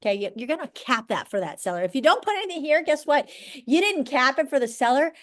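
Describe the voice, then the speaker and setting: A middle-aged woman broker teaching a class of agents, blunt and brisk, often checking that everyone follows. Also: high voice, animated. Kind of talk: live training class.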